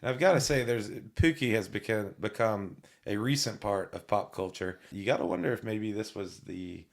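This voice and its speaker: A man's voice: on the low side, animated, moderate pace, gravelly. A man co-hosting a casual legal podcast, recapping scenes in a chatty way with light humor and occasional stumbles. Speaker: podcast co-host, attorney.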